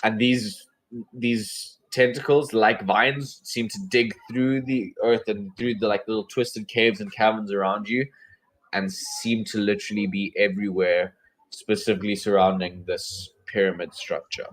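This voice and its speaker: A man's voice: fairly low pitch, little pitch movement, a little slow, low-quality recording. A man running a tabletop game as game master, narrating with many fillers and restarts.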